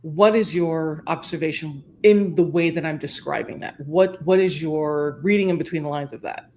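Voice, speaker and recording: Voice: medium pitch, moderate pace, darkish tone, slight background noise. A host of a livestream chat, asking long, winding questions in a casual way.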